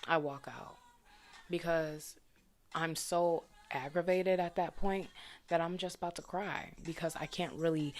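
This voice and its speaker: A young adult woman vlogger telling a frustrating personal story in a blunt, profane, casual monologue full of indignant questions. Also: low-pitched. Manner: vents with indignant rhetorical questions.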